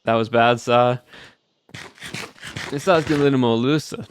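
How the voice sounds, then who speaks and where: A man's voice: mid-range voice, moderate pace, a little hiss or hum. A game streamer chatting casually with viewers in a put-on Southern US drawl, easygoing as he plays. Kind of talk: casual live-stream chat while playing.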